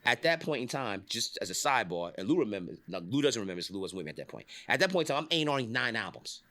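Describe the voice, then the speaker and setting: A middle-aged man telling a casual industry story, swearing, laughing often and acting out the people he quotes. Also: rapid-fire. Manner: animated, swearing, acts out quotes with big pitch jumps, laughs often. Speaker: podcast host telling industry stories.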